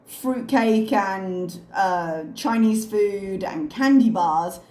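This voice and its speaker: Woman reaction host, dry sarcastic disbelief, mid pitch, echoey room. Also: very slow, a little mellow. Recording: roomy echo.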